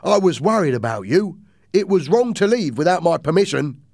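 A man's voice: on the high side, sing-song, normal speed, vocal fry, darkish tone, dry recording, clean studio sound, voice pushed up, exaggerated voice. A man voicing a stern, commanding ship captain who gives clipped orders in a raised voice.

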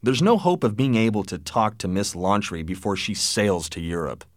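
A man's voice: fairly low pitch, normal speed, dry recording, lightly acted. A man voicing an earnest young man pleading with his father, in a dry-sounding storybook reading. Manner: earnest, plaintive.

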